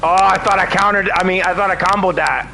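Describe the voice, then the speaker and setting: Brief: young male streamer, high-pitched and excitable, swears and yells through live play. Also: fairly quick, gravelly, soft background music. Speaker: gaming streamer. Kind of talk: live gameplay commentary.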